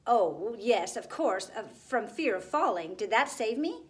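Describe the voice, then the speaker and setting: A woman's voice: on the high side, sing-song, unhurried. A woman voicing a determined young girl speaking earnestly. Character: brave young girl Dakin climbing.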